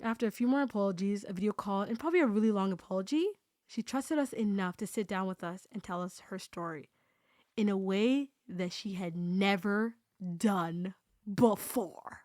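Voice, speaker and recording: A woman podcast host telling a story in a casual, excitable way, acting out the dialogue she recounts. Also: medium pitch, normal speed, dry recording, clean studio sound. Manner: animated, excitable, acts out quoted dialogue.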